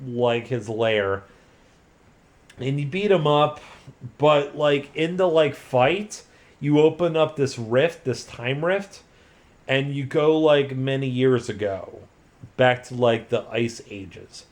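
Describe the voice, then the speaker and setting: A man's voice: medium pitch, slow. A drunk man retelling a story in a loose, rambling way, swearing freely and filling every gap with "like". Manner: loose, profane, full of "like" and restarts. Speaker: host retelling a video game plot.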